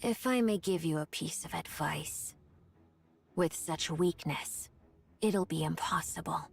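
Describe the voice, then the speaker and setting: A low, deadpan Rapture advisor. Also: female voice, unhurried, gravelly, breathy edge, soft background music, heavily acted. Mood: cool, probing. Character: calm, cryptic female Rapture advisor. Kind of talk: video game voice acting.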